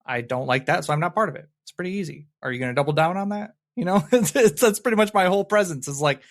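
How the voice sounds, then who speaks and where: A man's voice: high-pitched, lively intonation. Blunt, questioning male podcast guest. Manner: blunt, questioning, quick to laugh. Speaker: podcast guest, atheist content creator. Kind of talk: casual conversation.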